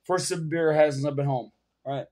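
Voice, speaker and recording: New York vlogger, rambling profane rant, a bit high-pitched. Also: male voice, quick pace, dark tone. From Bronx, New York. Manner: profane, rambling, full of fillers. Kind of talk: casual rant to camera. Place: at home.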